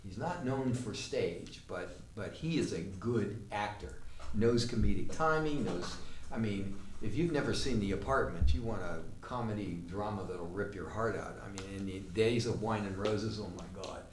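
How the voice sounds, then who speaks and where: A man's voice: lowish voice, moderate pace, slight background noise. A man telling a theatre story in a rambling, profane way, often restarting his sentences. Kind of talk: storytelling monologue. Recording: roomy, mic far off, faint room ambience.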